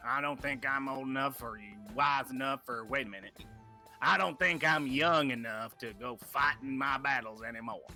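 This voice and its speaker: A man voicing an odd old man who drifts along beside the party, in a slow, strained, gravelly drawl. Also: medium pitch, sharp tone.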